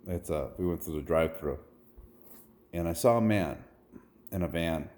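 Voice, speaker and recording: Low, dark-toned man in his forties, earnest and rambling, preaches when quoting scripture. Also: normal speed. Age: 40s. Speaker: vlogger. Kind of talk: personal storytelling monologue.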